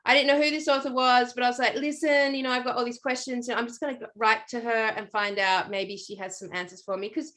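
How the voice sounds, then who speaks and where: Middle-aged Australian woman, casual storyteller, fairly high voice, fillers and restarts. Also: fast, hardly any pauses. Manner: animated, rambling, many fillers and restarts. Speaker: podcast co-host.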